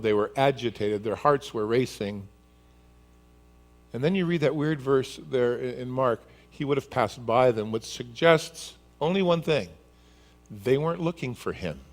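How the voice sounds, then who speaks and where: A male pastor delivering a sermon, telling the story vividly and acting out its scenes. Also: mid-range voice. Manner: animated storyteller who acts out scenes.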